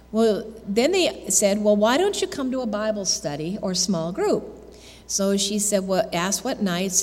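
A woman's voice: medium pitch, darkish tone. A woman giving an earnest sermon testimony from a church, telling a story with many restarts. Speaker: church speaker. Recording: long hall reverb.

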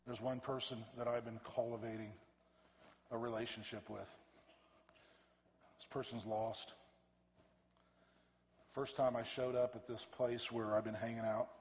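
A man, a pastor, preaching a fervent sermon that swells to loud emphatic peaks and drops back low. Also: level tone, unhurried, long pauses, a little hiss or hum. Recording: reverberant church hall.

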